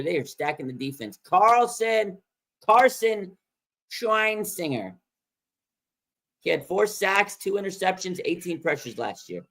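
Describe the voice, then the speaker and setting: A man hosting a live sports draft stream, excitable and rambling, repeating himself and laughing as picks come in. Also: on the high side. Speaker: livestream host. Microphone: streaming microphone.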